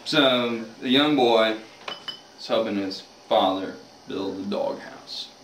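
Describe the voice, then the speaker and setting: A man's voice: fairly low pitch, takes it slowly, fairly bright tone. A man telling a long joke aloud, hesitant and chuckling through the story in a classroom. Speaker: joke teller. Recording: roomy, distant, noisy room recording.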